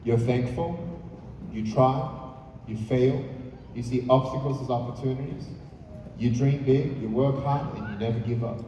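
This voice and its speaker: A man giving an animated motivational speech from a stage, telling stories with playful asides to the crowd. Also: mid-range voice, measured pace, noisy background. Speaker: motivational speaker. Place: large hall on stage. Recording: echoey hall from far off.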